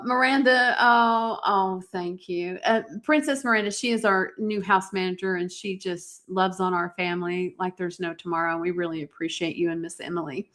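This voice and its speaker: A woman's voice: mid-range voice, fairly bright tone. A middle-aged woman hosting a live-streamed podcast, giving an earnest, encouraging talk and speaking directly to her viewers. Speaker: podcast host.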